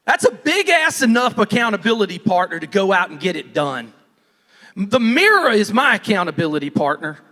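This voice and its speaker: Man, very high bright voice, folksy rambling stage talk, long hall reverb. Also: big pitch swings, normal speed. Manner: folksy, rambling, self-interrupting. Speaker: real estate team leader speaking on stage. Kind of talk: casual motivational talk. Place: large conference hall.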